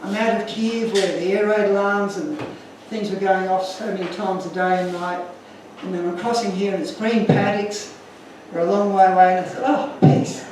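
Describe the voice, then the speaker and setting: A man's voice: sits high, steady tone, normal speed, few pauses, a little mellow, recorded from a distance, a little hiss or hum. Earnest man telling stories in echoey room. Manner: earnest, emotional storytelling. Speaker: speaker. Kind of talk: illustrated talk to an audience.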